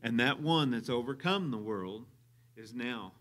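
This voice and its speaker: A man's voice: mid-range voice, animated, measured pace, fairly bright tone. A man with a Southern US accent preaching a sermon as pastor, repeating phrases for emphasis and chuckling now and then.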